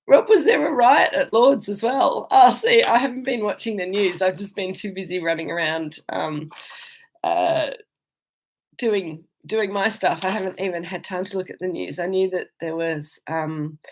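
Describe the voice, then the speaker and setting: A woman's voice: on the low side, vocal fry. A woman with an Australian accent hosting a live virtual wine tasting, chatting casually with viewers and rambling with many ums and restarts. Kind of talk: casual chat answering viewer comments. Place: indoors, travelling.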